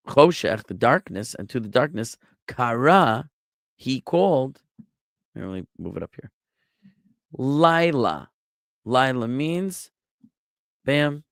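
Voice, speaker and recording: A rabbi giving an online Bible Hebrew lesson, explaining step by step in a patient way with small jokes. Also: male voice, lowish voice, no echo, clean studio sound. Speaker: rabbi teaching a Hebrew class.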